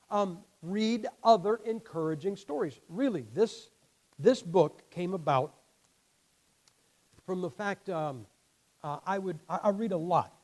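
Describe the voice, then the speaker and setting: Older guy preaching, kinda high voice, blunt and folksy, vocal cords shot so he runs out of air. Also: darkish tone, rough recording. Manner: blunt, folksy, emphatic preaching with many restarts. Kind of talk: sermon.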